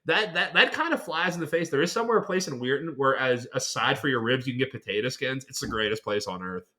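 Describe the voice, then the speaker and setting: A man's voice: medium pitch, expressive, fast talker, pushed and bright. A man co-hosting a casual podcast, boisterous and profane, with a Western Pennsylvania accent, often slipping into exaggerated impressions. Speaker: podcast co-host. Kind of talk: casual chat.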